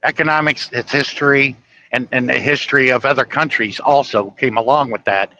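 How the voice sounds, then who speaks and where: Opinionated male podcast host from the U.S., bright forceful tone, rambling storyteller. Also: medium pitch, fairly even intonation, a little fast, muffled recording, slight background noise. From United States. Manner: opinionated, storytelling with acted quotes. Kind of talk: casual political chat.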